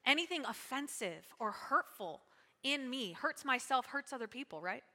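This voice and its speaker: A woman pastor giving a lively, conversational sermon, calling out to her congregation. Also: high voice, normal speed. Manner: lively, conversational preaching with audience call-outs. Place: church sanctuary. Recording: long hall reverb.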